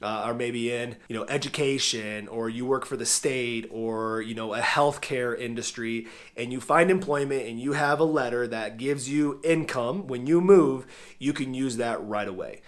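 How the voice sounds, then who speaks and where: A man with a head cold talks to his viewers in a relaxed, chatty vlog. His voice is stuffy and nasal, and his pitch sits in a middle range. He keeps it friendly and informal throughout. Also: normal speed. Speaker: vlog host.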